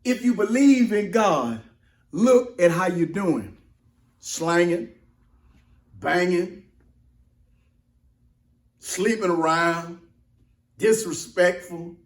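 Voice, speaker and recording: A man preaching with a high-placed voice and heavy emphasis, repeating lines to drive them home. He swings from near-shouts to hushed, slowed-down asides. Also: lively intonation, reverberant. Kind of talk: sermon-style motivational talk.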